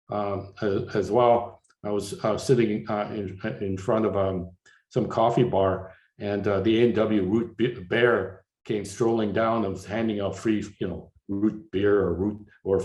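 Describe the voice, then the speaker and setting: An older man from Canada walks an audience through his slides in a low voice, stopping and restarting often, his words padded with "uh" and "you know." The room is echoey, like a lecture hall. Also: a little mellow. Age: 60s. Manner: halting, many fillers and restarts. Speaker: artist giving a slide lecture.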